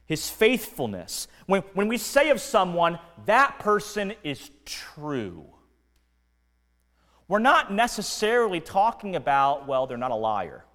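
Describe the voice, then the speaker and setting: A man preaching a sermon as pastor, earnest and deliberate, dropping to quiet lines and rising to emphatic ones. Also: high voice, very animated, in a large hall. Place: church sanctuary.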